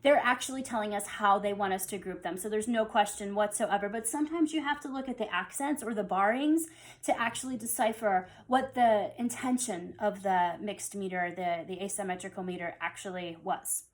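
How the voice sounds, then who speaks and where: A woman of medium pitch teaches rhythm in an online music lesson, explaining in a relaxed, chatty way. She often stops to count beats aloud and stresses the accented ones. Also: a little fast. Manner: relaxed and conversational, with fillers and restarts.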